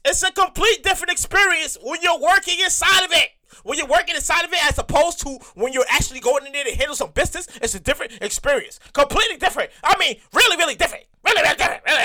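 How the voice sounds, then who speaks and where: A woman telling a casual storytime rant to her viewers, talking in an animated, exasperated way, repeating herself and swearing freely. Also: sits high. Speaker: vlogger telling a work story.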